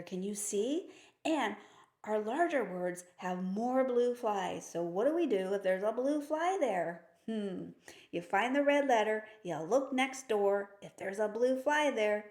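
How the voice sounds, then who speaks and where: A woman's voice: mid-range voice, a little mellow. A woman with a mid-range voice walks through a phonics lesson at a whiteboard, upbeat and patient, using playful terms meant for children. She often poses a question and answers it herself. The room gives her voice a noticeable echo. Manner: asks questions then answers them herself. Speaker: reading teacher. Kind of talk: phonics lesson for teachers and parents. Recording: echoey room.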